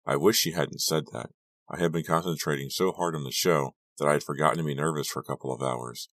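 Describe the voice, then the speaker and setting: A man reading a teen horror audiobook aloud, narrating in the first person with a steady, measured pace. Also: extremely low pitch, no echo, studio quality. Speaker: audiobook reader.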